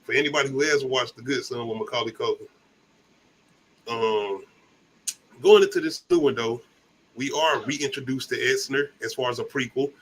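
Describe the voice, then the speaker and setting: A man's voice: medium pitch, moderate pace, pauses often, fairly bright tone, a little hiss or hum. A man from the American South co-hosting a movie review, talking in loose, profane, laughing banter. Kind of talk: casual chat.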